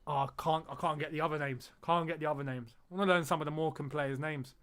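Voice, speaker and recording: A man's voice: on the high side, clean tone. A man hosting a live football watch-along, chatting casually and crying out at the action. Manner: excitable, chatty, quick to laugh and cry out at the action. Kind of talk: live casual match commentary and chat.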